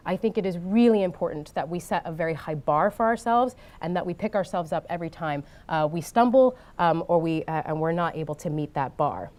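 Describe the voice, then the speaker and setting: A woman giving a talk at a design conference to an audience. She often pauses with ums and uhs and grows animated when she tells an anecdote. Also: on the low side. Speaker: conference speaker. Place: conference stage before an audience.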